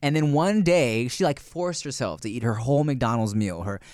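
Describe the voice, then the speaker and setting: A man's voice: mid-range voice, expressive, moderate pace, darkish tone, dry recording, clean studio sound. A man in his thirties co-hosting a casual podcast chat, rambling with lots of fillers and restarts. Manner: rambling, many fillers and restarts, laughs often. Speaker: podcast co-host.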